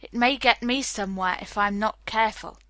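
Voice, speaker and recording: A woman's voice: mid-range voice, fairly quick, a bit bright, dry recording, lightly acted. A woman reading the part of a self-assured young man, wry and lightly teasing.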